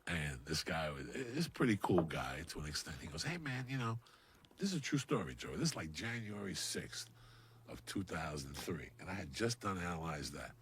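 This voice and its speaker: A middle-aged man telling a profane, animated story as a guest comedian on a podcast. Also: low-pitched, fairly quick, slight background noise.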